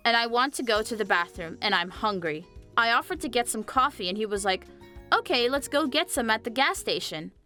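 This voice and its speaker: A young woman narrating a scripted animated story, chatty and speaking straight to viewers. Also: a little high. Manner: chatty, addresses viewers directly. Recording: faint music behind the voice.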